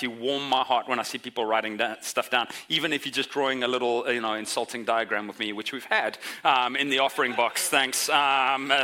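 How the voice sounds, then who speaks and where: A man preaching a sermon in a church, animated and joking with the congregation as he explains scripture. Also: medium pitch. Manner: animated, jokey asides to the congregation. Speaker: pastor. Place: church sanctuary.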